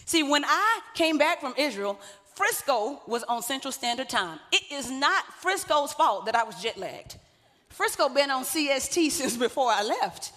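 A woman's voice: high-pitched, very animated, normal speed, fairly bright tone. A woman pastor, preaching a sermon in a conversational way, with joking asides to the congregation. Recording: long hall reverb.

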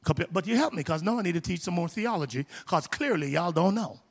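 A man with a high, ringing voice preaches a sermon on stage. He talks to the congregation in an impassioned, conversational way, repeating phrases as he builds. His voice carries a long reverb from a large church hall. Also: expressive, fast, breathy edge. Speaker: pastor.

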